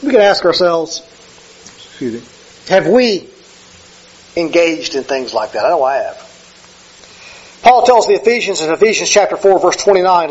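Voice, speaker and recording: Male preacher, high husky voice, chatty sermon delivery with self-corrections, dull lo-fi sound. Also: animated, measured pace, a little mellow. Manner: conversational, self-correcting, acts out quoted speech. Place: church sanctuary with slides.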